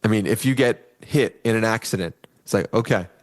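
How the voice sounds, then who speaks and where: Earnest man telling a story, low voice. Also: brisk. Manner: earnest, acts out quoted voices in his stories. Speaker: podcast guest. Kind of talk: conversational interview storytelling.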